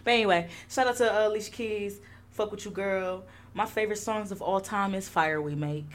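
A woman's voice: medium pitch, fairly quick, a little hiss or hum. A young woman hosting a podcast, chatting casually with lots of laughter and swearing. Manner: animated, laughing, profane. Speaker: podcast host.

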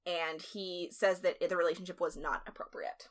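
In a lowish voice with fairly even intonation and a moderate pace, a podcast host tells stories casually. She's chatty and blunt, leaning on plenty of filler words and swearing now and then.

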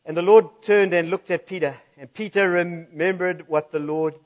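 A man's voice: sits high, steady tone, moderate pace. A man preaching a sermon in a church, reading scripture aloud and laughing at his own slip-ups.

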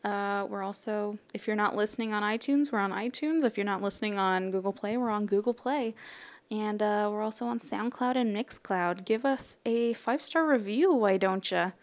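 A woman co-hosting a podcast in casual chat, breezy and quick to laugh. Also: medium pitch. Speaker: podcast co-host.

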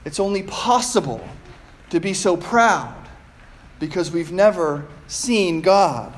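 His voice sits high and sounds expressive as he preaches. The pastor keeps a deliberate, measured pace and regularly asks the congregation rhetorical questions.

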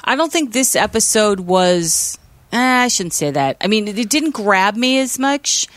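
A woman's voice: mid-range voice, very animated, normal speed, no echo. A woman co-hosting a casual podcast, chatting about a TV episode and often correcting herself mid-sentence. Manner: chatty, self-correcting, trailing off. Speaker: podcast co-host. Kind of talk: casual chat recapping a TV episode.

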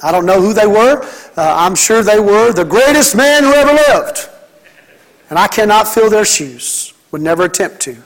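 High-voiced man preaching a fervent sermon. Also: lively intonation, moderate pace, rough recording. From Mississippi. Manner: preaching with emphatic, rhythmic repetition. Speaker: pastor.

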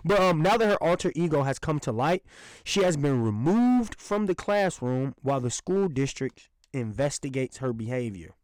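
Young male podcast host, profane and sarcastic rant, very lively swings in pitch, dry close sound. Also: moderate pace, no echo, poor audio. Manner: indignant, sarcastic, profane, laughs while ranting. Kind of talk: ranting solo podcast commentary.

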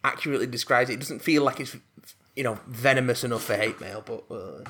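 A young man co-hosting a casual comedy podcast, reading listener emails aloud in an excitable, sweary, giggly way. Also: medium pitch, fast.

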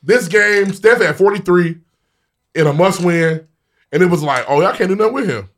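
A man co-hosting a podcast in casual chat, profane and animated, steering the topics. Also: high voice, moderate pace. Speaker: podcast co-host. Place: hot indoor room, game on TV.

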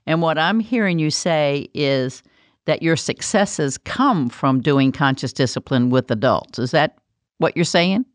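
A woman's voice: low-pitched, animated, measured pace, dry recording. A woman interviewing a guest, asking questions and reflecting on the answers with enthusiasm.

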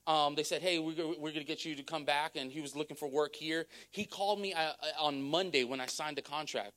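A man's voice: on the high side, fairly bright tone. A man preaching a sermon, a pastor who tells a story in a conversational way, repeating words and checking in with the crowd. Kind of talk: sermon with testimony.

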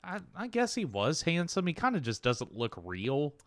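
A man's voice: fairly high pitch, huge pitch swings, moderate pace, a bit bright, dry recording, studio quality. A man co-hosting a casual podcast chat, joking and swearing, slipping into silly put-on accents. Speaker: podcast co-host.

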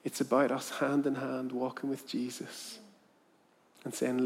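A man preaching a sermon, telling a story and acting out its voices, then speaking quietly in appeal to his listeners. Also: medium pitch, completely flat delivery, unhurried. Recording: long hall reverb.

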